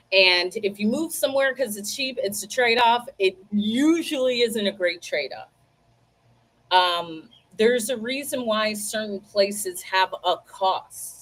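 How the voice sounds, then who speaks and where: A woman from the United States who hosts a casual livestream, chatting straight to her viewers and telling stories in an animated way. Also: mid-range voice. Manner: chatty, animated storytelling, talks to viewers directly. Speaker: livestream host. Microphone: computer mic, livestream.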